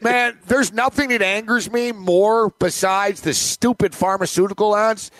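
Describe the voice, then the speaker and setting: A man's voice: high-pitched, unhurried, a bit bright, no echo. A man from the United States hosting a casual podcast, ranting and joking about insurance and drug prices.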